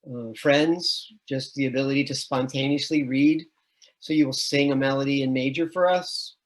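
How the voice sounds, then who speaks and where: A middle-aged man, a music education professor, presenting an online admissions webinar and patiently explaining with sung and chanted examples. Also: medium pitch.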